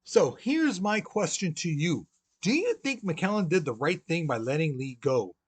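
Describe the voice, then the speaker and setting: A male history teacher giving a relaxed, conversational lecture in a somewhat high voice. He keeps it informal and talks directly to his students, as if chatting with the class. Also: normal speed, husky. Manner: casual and chatty, often says "you know"; acts out historical figures in lively voices.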